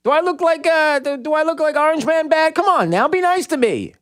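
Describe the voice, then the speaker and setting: A man's voice: expressive, a little fast, a bit bright. A man putting on a mocking impression of an elderly male president who pleads in an exaggerated, wheedling way. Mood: whiny pleading. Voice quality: strained and high.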